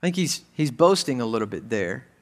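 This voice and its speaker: A male pastor preaching a sermon, moving between hushed scripture reading and raised, urgent appeals to the congregation. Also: medium pitch, sing-song, brisk, big-room sound.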